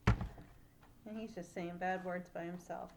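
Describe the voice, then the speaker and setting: An older woman, a great-aunt, reading a picture book aloud to children in an animated, playful way, pausing to ask questions. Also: on the low side, background noise.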